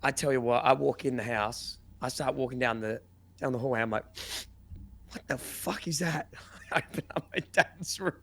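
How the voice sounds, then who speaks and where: A man's voice: mid-range voice, a little fast, fairly bright tone, slight background noise. A young man telling a story in casual chat, acting out quotes with lots of swearing and laughter. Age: young adult. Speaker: podcast guest.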